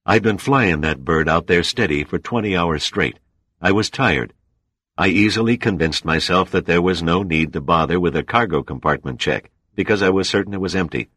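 A worn-out male pilot, curt and defensive, read by a deep-voiced male narrator. The voice is pushed a little higher and harder than the narration. The recording is dry and close. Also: normal speed, a bit bright, breathy edge, dry recording.

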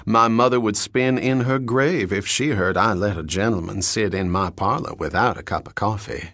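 A man's voice: on the low side, normal speed, fairly bright tone, dry recording, studio quality. A man voicing a talkative, hospitable Southern landlady, a middle-aged woman, with a thick drawl.

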